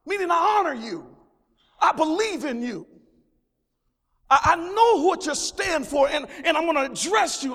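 A man preaching as pastor, his voice very high and lively, rising and falling as he repeats phrases and calls out praise. The sound rings with the long reverb of a large church sanctuary. He stumbles and restarts as he builds to his points. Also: normal speed. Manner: preaching with call-and-response exclamations and repeated phrases. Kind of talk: sermon.

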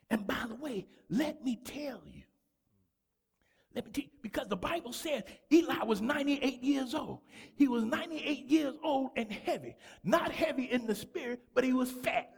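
A man preaching a sermon to a church congregation, fervent and repetitive, often breaking into shouts. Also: very high voice, lively intonation, moderate pace, vocal fry, husky. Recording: long hall reverb.

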